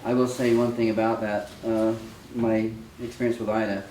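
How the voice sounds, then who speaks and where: A man at a memorial offering hesitant personal remarks, pausing often with fillers. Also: on the low side, little pitch movement, mellow, slight background noise. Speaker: memorial attendee. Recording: echoey room from a distance.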